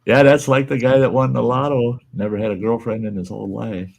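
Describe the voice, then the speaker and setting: A man's voice: medium pitch, flat delivery, fairly quick, gravelly. A man in his sixties hosting a casual video chat, telling jokes and laughing between them. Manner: laughs between stories, tells drunk jokes. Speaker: show host.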